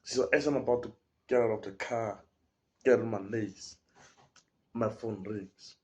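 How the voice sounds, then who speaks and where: A young man with a South African accent, a guest on a casual podcast, tells a story full of slang and acts out the people in it. His voice is lowish and steady, a little slow, and the audio sounds dull.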